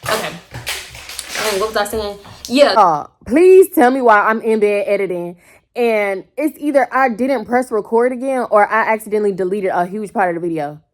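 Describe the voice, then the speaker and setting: A young woman in her twenties tells a story casually to a phone camera at home, full of slang and squealing up into quoted voices. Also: normal speed. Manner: animated, slangy, jumps into quoted voices with sudden high squeals. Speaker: storytime vlogger. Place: bedroom at home. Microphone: phone held close.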